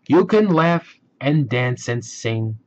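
A man's voice: medium pitch, lively intonation, takes it slowly, darkish tone. A man voicing a serious, hardworking little pig who calls out warnings in a storybook reading. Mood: earnest. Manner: calling out warnings. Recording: dull lo-fi recording.

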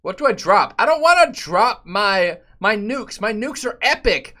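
A man streaming a game and chatting loosely with his viewers, profane and given to sudden loud outbursts. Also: high-pitched, lively intonation, measured pace. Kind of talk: casual live-stream chat.

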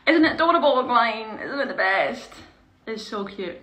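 Bright, bubbly young woman chatting. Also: on the high side, animated, moderate pace. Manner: chatty, bubbly, drifting into quiet mutters. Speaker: performer hosting a live stream. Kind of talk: casual live-stream chat while doing makeup. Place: small indoor room. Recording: echoey room with faint hiss.

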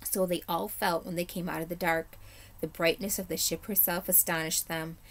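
A woman teacher reads a chapter book aloud in an expressive storytelling voice, fairly low for a woman. Now and then she trips over a word and corrects herself. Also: moderate pace. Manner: expressive storytelling, occasional slips. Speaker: third grade teacher.

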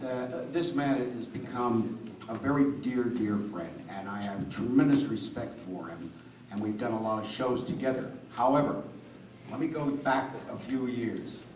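A man's voice: mid-range voice, measured pace. Man chiming in on a panel. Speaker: panel guest. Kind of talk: convention panel storytelling. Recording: echoey hall from far off, faint noise.

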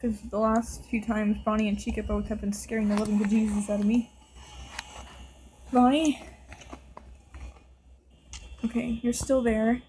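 A woman's voice: mid-range voice, level tone, a little fast, few pauses, dark tone, slight background noise, poor audio. A woman hosting a gameplay video, giving casual, nervous commentary and talking to the game characters as she plays. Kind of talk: casual let's-play commentary.

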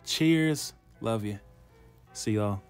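Excitable man fishing outdoors. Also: on the low side, drawn-out words, clean tone, soft background music. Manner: excitable, chatty, addresses viewers as y'all. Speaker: fishing vlogger. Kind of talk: casual outdoor vlog. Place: outdoors by a pond.

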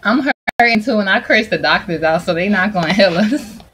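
A woman's voice: fairly low pitch, slight background noise, low-quality recording. Profane, hot-tempered woman streamer in role-play. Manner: loud, heavily profane, quick-tempered slang talk. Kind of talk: in-character game role-play.

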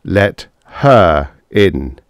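A man voicing a grim base commander with slow, clipped, firm orders. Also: sits low, big pitch swings, dry recording, studio quality, heavily acted.

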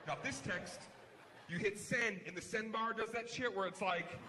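A man performing a stand-up comedy routine on stage, animated, swinging between hushed mutters and shouted rants. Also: sits high, moderate pace. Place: large comedy venue. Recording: live hall with crowd noise. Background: audience laughter.

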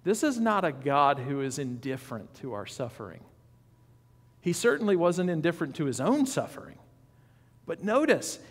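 Pastor, male, slightly high voice, chatty sermon delivery, church hall reverb. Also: slightly rough. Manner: conversational preaching with asides and quotes. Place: church sanctuary.

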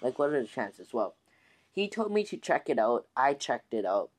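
A man's voice: medium pitch, sing-song, moderate pace. A man hosting his own gaming channel, chatting casually to viewers in a rambling way with many restarts and fillers. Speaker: gaming YouTuber host. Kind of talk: casual let's-play commentary.

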